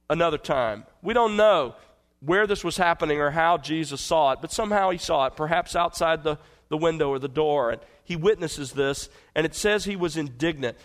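A male pastor with a somewhat high voice preaches an expository sermon, earnest and emphatic, shifting between forceful delivery and hushed moments.

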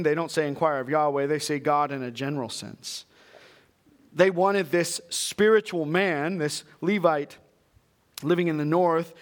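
A man's voice: a little high, a bit bright. A man preaching a sermon from Texas, reading scripture aloud and then explaining it earnestly to his congregation. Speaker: pastor.

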